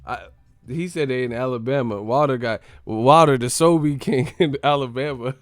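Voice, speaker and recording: A man's voice: medium pitch, normal speed, no echo. Laughing, joking man on a live stream. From California. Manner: joking, laughing often, profane, mimics voices. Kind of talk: casual live stream chat with chat readers.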